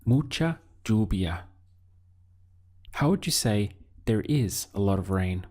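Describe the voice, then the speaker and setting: A man teaching a Spanish lesson, speaking deliberately and pausing so the learner can answer. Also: on the low side, animated, darkish tone. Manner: slow, deliberate teaching with pauses for learner practice. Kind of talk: video language lesson.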